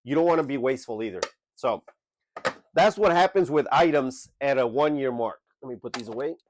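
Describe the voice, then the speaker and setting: A man's voice: mid-range voice, fairly quick, a little hiss or hum. Blunt man talking to camera. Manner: blunt, emphatic, speaks to viewers directly. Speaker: eBay reseller and channel host. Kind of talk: unscripted talking-head vlog.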